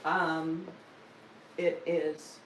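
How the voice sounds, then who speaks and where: A woman's voice: low-pitched, level tone, very slow, echoey room, recorded from a distance, a little hiss or hum, low-quality recording. A woman, chatting casually on a live stream about her stitching projects, with joking asides and self-deprecating humor. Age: 60s. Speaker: stitching vlogger.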